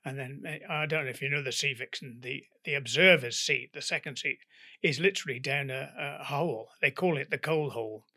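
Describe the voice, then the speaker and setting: An older British man, a guest in an interview, telling animated stories and acting out their dialogue. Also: mid-range voice, brisk. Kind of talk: anecdotal storytelling in an interview.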